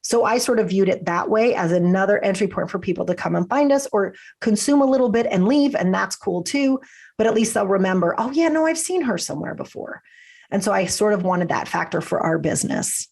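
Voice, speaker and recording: A woman business coach talking as a podcast guest, chatty and animated, acting out quotes, while she has a cold. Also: medium pitch, brisk, vocal fry. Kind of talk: casual interview chat.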